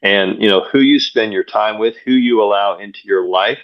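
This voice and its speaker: A man, a pastor and coach, guesting on an interview show and telling stories in an energetic way, often repeating words as he goes. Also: on the low side, normal speed. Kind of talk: casual interview storytelling. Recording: dull lo-fi sound.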